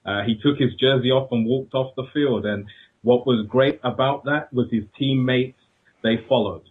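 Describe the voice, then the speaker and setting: A British man calls in as a radio guest, his speech hesitant and filled with pauses. His voice sits at a middling pitch and comes through a tinny phone line. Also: husky.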